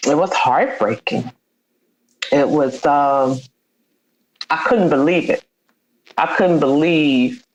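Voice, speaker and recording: A woman's voice: rumbling low, darkish tone, lo-fi sound. A woman guest in an interview, telling a personal story with feeling and acting out the dialogue she quotes. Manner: heartfelt, acts out quoted dialogue.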